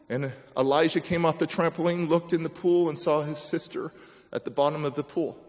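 A motivational speaker's fairly high voice holds a steady tone at a moderate pace as he dramatically recounts a personal story, acting out its people. The long reverb of a large hall surrounds his speech.

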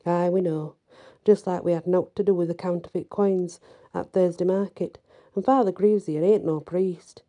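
A woman voicing an excitable, accusing woman prisoner, in a brash rustic dialect. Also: fairly low pitch, normal speed, close to an everyday voice.

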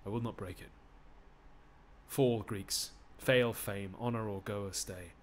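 A man's voice: on the low side, fairly even intonation, measured pace, a little hiss or hum, close to an everyday voice. A man reading Achilles, a proud Greek warrior who speaks in grave, declaiming vows, in a live-streamed Shakespeare reading. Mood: grave, resolute.

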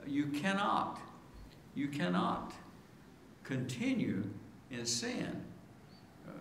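A man preaching a sermon in earnest, repeating key words and rising in pitch as he pleads. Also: vocal fry, a bit bright. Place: church sanctuary. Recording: echoey church room with background noise.

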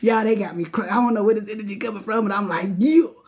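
A woman giving a late-night live tarot reading, casual and slangy, talking straight to her viewers and getting excitable, chanting and repeating herself. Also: mid-range voice, rapid-fire, breathy edge. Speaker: tarot card reader.

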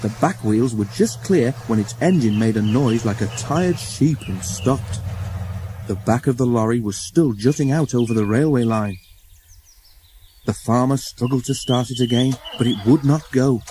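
A man narrating a children's railway story in a measured, expressive reading voice. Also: medium pitch, a little hiss or hum. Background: music.

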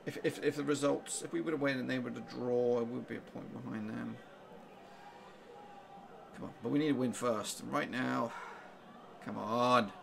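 A man giving live reaction commentary on a football match, urging his team on and getting excitable. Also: mid-range voice, normal speed, creaky, pauses often, a little hiss or hum. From England. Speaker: fan reaction streamer.

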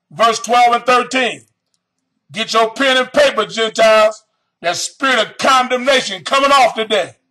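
A male preacher delivering a fiery sermon, reading scripture slowly and then breaking into shouted emphasis as he questions his listeners. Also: very high voice, low-quality recording. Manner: addresses the audience directly with questions.

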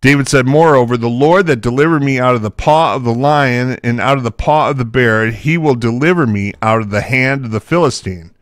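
A man's voice: mid-range voice, a little fast, hardly any pauses, dry recording, clean studio sound. A man teaching from the Bible, reading scripture aloud and breaking into casual, chatty asides.

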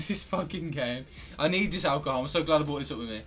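A young man with a British accent streams himself playing a football video game, his voice sitting a little high. He swears freely and jumps from low muttering to loud yelling at his players. Faint music plays behind him. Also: fast talker. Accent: British English. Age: 20s. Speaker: gaming streamer. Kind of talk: live gameplay commentary.

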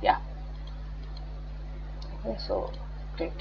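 A woman's voice: very slow, highs cut off, a little hiss or hum. A woman teaching an online exam-prep lecture from slides, chatty and often correcting herself. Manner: chatty, self-correcting, repeats words.

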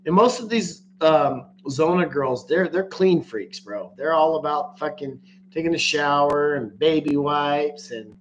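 A man hosting a loose livestream, talking crudely and bluntly to his viewers. His voice sits slightly higher than most men's. A faint electrical hum runs under the recording. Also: animated, unhurried, a bit bright, low-quality recording. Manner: crude, blunt, laughs often. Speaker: livestream host. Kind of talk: casual livestream chat.

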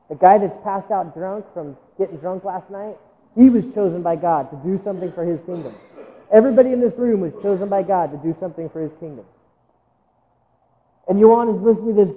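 With a high voice, a male pastor preaches in a church sanctuary, narrating a story, performing quotes, and speaking straight to the congregation. Expect big-room acoustics and phone-grade audio.

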